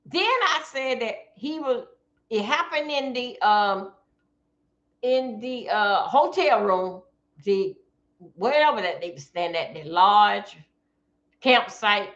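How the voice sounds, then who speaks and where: A woman's voice: medium pitch, animated, slow pace, a bit bright, highs cut off. A woman from Florida, giving blunt casual commentary to her live-stream chat from home.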